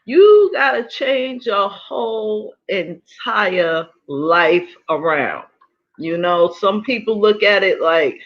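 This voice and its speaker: A middle-aged woman hosting a casual livestream, talking in an animated way, laughing often and repeating her points for emphasis. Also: mid-range voice, slow pace, lo-fi sound. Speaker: livestream host.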